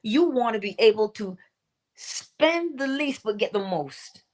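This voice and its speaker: Woman, motivational host, lively swooping pitch, rhetorical questions, dips into a whisper at times. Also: a little slow. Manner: asks rhetorical questions and acts out quoted voices. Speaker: host of a morning inspiration stream. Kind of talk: motivational talk.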